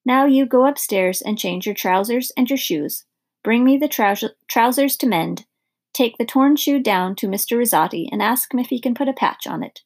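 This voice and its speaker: A woman's voice: on the high side, animated, moderate pace, breathy edge. A woman doing a fretful, quavering mother. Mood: firm. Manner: quavering, fearful. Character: fretful mother, anxious and soft-hearted.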